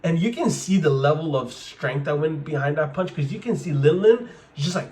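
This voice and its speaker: A young man giving an excited, casual manga chapter review, full of slang and filler words. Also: a little high, fairly quick. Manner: hyped, lots of "like" and slang.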